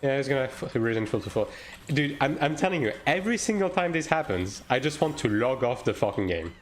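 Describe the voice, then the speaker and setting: This man streams a game live, chatting casually with viewers and swearing as he plays. His mid-range voice swings widely in pitch, and he speaks fairly quickly.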